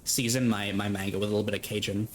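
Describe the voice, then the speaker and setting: A man's voice: on the low side, very animated, brisk, slight background noise. A man streaming a game, chatting casually with his viewers and reading the game's lines aloud. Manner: chatty, laughs, talks to chat.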